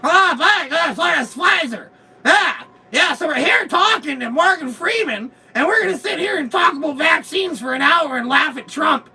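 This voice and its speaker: A man putting on a mocking, loud voice of a smug male late-night TV host. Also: very high voice, expressive, moderate pace, vocal fry, voice pushed up, heavily acted. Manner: mocking, loud showman delivery. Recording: distant mic, noisy motorhome.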